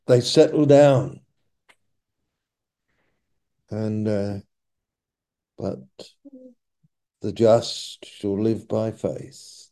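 A man delivers a sermon at a very slow, deliberate pace, leaning on repeated phrases for emphasis. His voice has a mellow, dark tone. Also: on the low side. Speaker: preacher.

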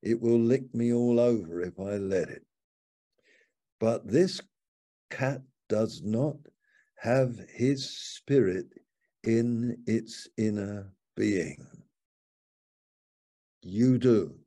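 A man's voice: fairly low pitch, takes it slowly, warm tone. An older man giving an informal, conversational sermon from the upstairs lounge of a home, reading scripture aloud as he reflects. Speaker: preacher.

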